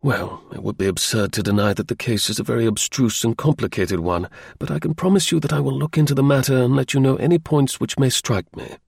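A man voicing a sharp, aloof male detective who speaks in a measured, lecturing way, in a husky, gravelly voice. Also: mid-range voice, no room sound. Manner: measured, explaining, a little dry.

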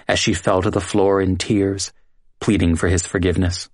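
A man narrating a dramatic true story in a measured, dramatic way. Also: sits low, level tone, slightly rough, no room sound, clean studio sound.

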